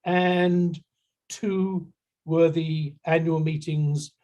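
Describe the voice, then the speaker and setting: A middle-aged man leads a conference workshop, telling an anecdote with dry humor. His voice sits a little high for a man and sounds mellow and relaxed. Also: drawn-out words. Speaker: workshop presenter.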